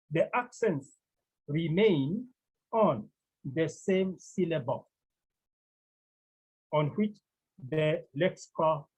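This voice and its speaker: Slow, husky-voiced male teacher. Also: sits high, darkish tone. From Cameroon. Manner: slow, deliberate, repeats key words, clears throat often. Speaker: Greek teacher. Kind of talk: classroom lecture. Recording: dull lo-fi recording.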